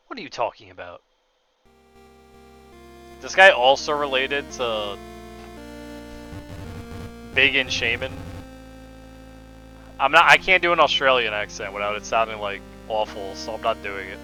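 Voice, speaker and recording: A man's voice: mid-range voice, animated, unhurried, pauses often, sharp tone, soft background music, poor audio. A young man streaming a game, giving casual commentary in a joking, profane way, laughing often.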